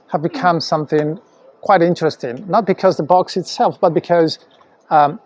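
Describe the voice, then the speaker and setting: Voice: medium pitch, a little mellow, highs cut off. An eager company presenter guides a live tour through a large indoor warehouse. The delivery is enthusiastic and unscripted, full of restarts and small fillers.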